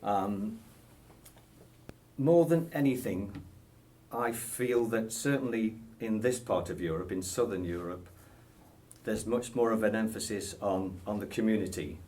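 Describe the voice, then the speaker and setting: In a relaxed interview, this Englishman in his sixties hesitates, chuckles and says um a lot as he responds. He talks at an unhurried pace in a lowish voice with a somewhat dark tone.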